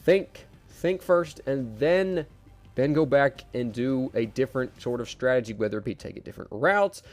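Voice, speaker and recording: A man's voice: medium pitch, expressive, moderate pace, darkish tone, faint music behind. A young man giving loose, rambling commentary over his gameplay, with frequent restarts and fillers, as a gaming video creator.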